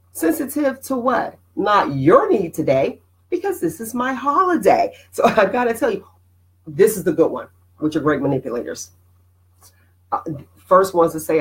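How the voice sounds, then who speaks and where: A middle-aged woman hosting a casual motivational live stream, animated and preachy, greeting viewers by name. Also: on the low side, normal speed, rough recording.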